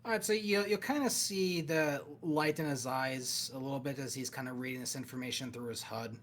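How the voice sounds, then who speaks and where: A man serves as game master for a cyberpunk tabletop session, narrating scenes steadily and descriptively with pauses. His voice sits at a medium pitch.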